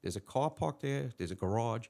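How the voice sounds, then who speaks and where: A man's voice: mid-range voice, normal speed, gravelly. A man, a retired police lieutenant telling a story in an interview and acting out the dialogue in a raised voice. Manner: animated, acts out dialogue in a raised voice.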